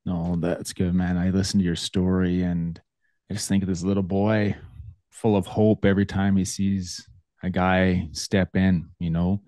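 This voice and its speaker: Deep, mellow-voiced podcast host. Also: male voice, level tone, unhurried, no echo, clean studio sound. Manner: earnest and affirming, emotional reflections. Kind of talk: casual interview chat.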